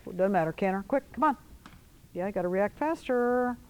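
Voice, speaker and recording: A woman riding instructor coaching a rider in an arena, giving brisk commands mixed with encouragement. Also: mid-range voice, expressive, darkish tone, smooth, rough recording.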